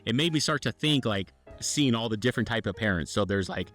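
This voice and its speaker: A man's voice: on the low side, expressive, a little fast, fairly bright tone, faint music behind. A man co-hosting a podcast, telling a long story in casual chat and acting out the quotes. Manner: rambling storyteller, acts out quotes. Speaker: podcast co-host.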